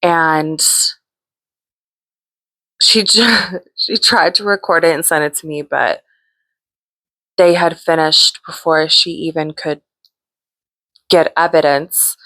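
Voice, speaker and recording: A woman's voice: sits low, steady tone, slow, long pauses, sharp tone, dry recording. A woman hosting a podcast, casually telling a story, laughing often and acting out what people said. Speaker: podcast host.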